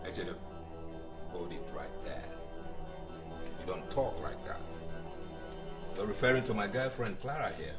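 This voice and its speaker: An actor playing a frank friend who admonishes in measured, formal words. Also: male voice, on the low side, big pitch swings, roomy sound, far from the mic, over music. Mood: admonishing. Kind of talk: Nollywood film acting.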